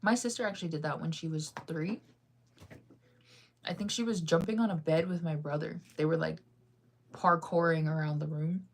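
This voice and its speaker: A woman's voice: low voice, fairly even intonation, moderate pace, long pauses. A young woman chatting casually with her viewers while she reads comments, laughing often. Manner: chatty, laughs often, sings snippets off-key. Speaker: livestreamer reading comments.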